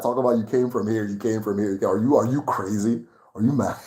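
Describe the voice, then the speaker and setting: A man's voice: lowish voice, steady tone, moderate pace, warm tone. A man hosting his own channel, talking casually and getting worked up, laughing often as he rants to viewers. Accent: Nigerian English. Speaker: channel host. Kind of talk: casual livestream chat.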